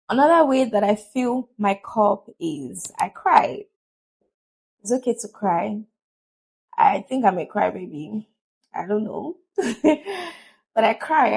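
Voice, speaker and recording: Female vlogger, mid-pitched, a bit of fry, earnest motivational chat. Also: darkish tone. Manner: chatty and earnest, laughs often. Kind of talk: casual motivational talk to camera.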